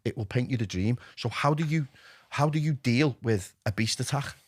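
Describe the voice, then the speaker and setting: A man's voice: mid-range voice, normal speed, slightly rough, no echo, studio quality. Blunt sweary Liverpool man. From Liverpool, England. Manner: blunt, sweary, animated storytelling. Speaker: podcast guest, addiction recovery coach. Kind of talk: candid interview talk.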